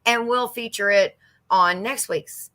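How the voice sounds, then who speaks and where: Woman co-host of a live craft chat, unhurried delivery, bright voice, dry close sound. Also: medium pitch, dry recording. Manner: laughs often, reads out viewer comments. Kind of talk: casual live-stream chat with viewers.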